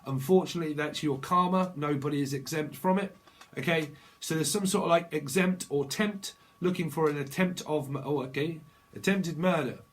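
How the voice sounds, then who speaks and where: A man giving a tarot reading, rambling quickly and bluntly with slang and swearing. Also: fairly high pitch. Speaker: tarot reader. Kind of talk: channeled tarot reading monologue.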